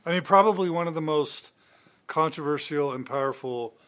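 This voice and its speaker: A man's voice: a little high, moderate pace, a bit bright. A man interviewing a guest casually, starting phrases over as he sets up questions.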